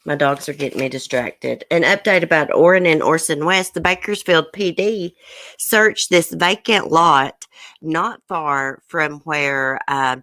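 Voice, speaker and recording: A woman's voice: deep voice, no echo. A woman hosting a casual live stream, chatting with viewers by name and getting emotional as she talks. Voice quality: emotional, soft-hearted. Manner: chatty, greets viewers by name, says y'all.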